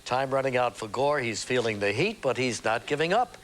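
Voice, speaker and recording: A man's voice: medium pitch, sing-song, a little fast, fairly bright tone. Older male host, chatty and teasing, tells long stories; grainy VHS tape with faint hiss. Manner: chatty storyteller, teasing guests. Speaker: morning show host. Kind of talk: casual chat, reading the news. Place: TV studio with live audience.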